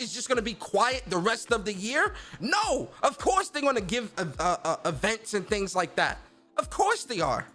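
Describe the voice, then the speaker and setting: A higher-voiced man hosts a podcast in a loose, ranting style. He swears freely and trips over repeated words as he pushes his point. Faint music sits low behind him. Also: sing-song, moderate pace, pushed and bright. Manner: blunt and profane, stammers and repeats words. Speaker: podcast host. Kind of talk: casual ranting commentary.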